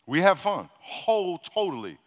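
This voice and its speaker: A male pastor preaching a sermon to his congregation, talking directly and repeating himself as he urges them to pray loud. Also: high voice, big pitch swings, moderate pace. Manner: exhorting, repeats himself, Southern-leaning casual speech; calls the congregation to loud prayer. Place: large church hall. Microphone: handheld or stage microphone. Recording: long hall reverb.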